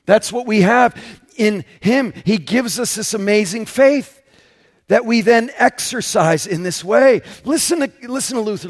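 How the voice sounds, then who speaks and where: A man preaching a sermon in a conversational, emphatic way, swinging between loud and hushed and often checking in with "right?". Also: sits high. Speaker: pastor.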